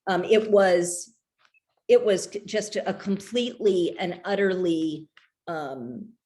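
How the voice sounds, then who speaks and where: Middle-aged woman at a book reading, candid storyteller, halting with fillers, quick to laugh. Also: medium pitch, a little mellow. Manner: candid, hesitant with many fillers and restarts, laughing. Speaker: author discussing her memoir. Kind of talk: casual talk at a reading.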